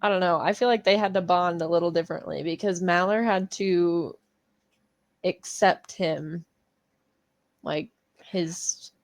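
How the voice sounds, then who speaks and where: A young adult woman co-hosting a book club podcast, speaking slowly and laughing through emotional moments. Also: fairly low pitch, steady tone, no echo. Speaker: podcast co-host. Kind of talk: casual book club chat.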